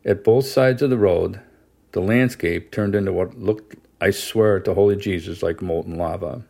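A man reading a first-person novel aloud as an audiobook narrator, steady and measured. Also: sits low, vocal fry. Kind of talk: scripted narration.

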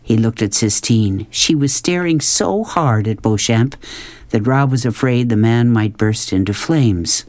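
A man narrates a novel in a calm, measured way. His delivery is slow and even, in a dry, close recording. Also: mid-range voice, no echo. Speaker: audiobook reader. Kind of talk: audiobook narration.

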